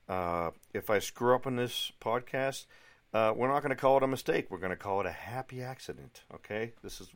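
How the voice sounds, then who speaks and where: Low-voiced chatty American man. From United States. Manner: chatty and digressive, enthusing with asides. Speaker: podcast host. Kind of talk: casual solo podcast monologue.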